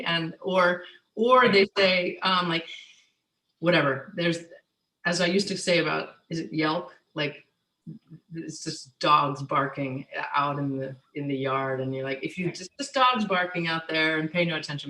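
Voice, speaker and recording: A woman's voice: low-pitched, unhurried, bright, forceful tone, echoey room, low-quality recording. A woman chef and author talking casually as a guest, joking, laughing often and trailing off into restarts. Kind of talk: casual conversation on stage.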